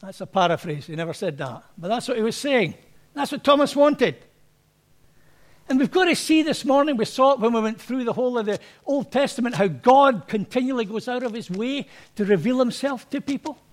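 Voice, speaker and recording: A pastor preaching a sermon to his congregation in a very high voice. He talks in a conversational, anecdotal way and often acts out the people he quotes. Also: lively intonation, a little fast.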